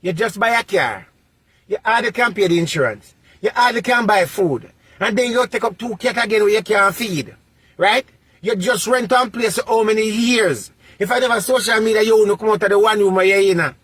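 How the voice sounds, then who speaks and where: A man with a Jamaican accent and a notably high voice, lecturing someone in a vlog rant. He hammers points by repeating them in a sing-song, preacher-like cadence. The sound is close and dry. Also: normal speed, a bit bright, breathy edge, no echo. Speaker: vlogger. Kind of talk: scolding social media rant.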